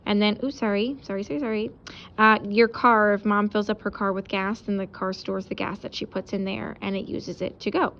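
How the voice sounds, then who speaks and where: A woman teacher giving a casual recorded lesson, explaining out loud while she sketches examples. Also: medium pitch, fairly even intonation, fairly quick, dull audio.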